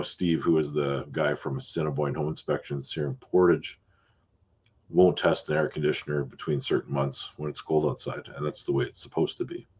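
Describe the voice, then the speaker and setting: Deep husky man hosting a podcast. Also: lo-fi sound. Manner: relaxed, chatty, with fillers and asides. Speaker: podcast host, realtor. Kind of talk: casual chat.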